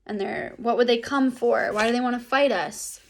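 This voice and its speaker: A woman's voice: fairly high pitch, moderate pace, vocal fry, a little hiss or hum. A woman reading aloud, giving a tired, bitter voice to a boy leader. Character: boy leader, weary and upset.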